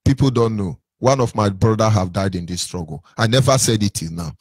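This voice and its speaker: A man's voice: lowish voice, a little fast, breathy edge, dry recording, clean studio sound. A man with a Nigerian accent giving an impassioned address to listeners on a call-in line, preaching and firing off rhetorical questions. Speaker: movement speaker on a call-in line.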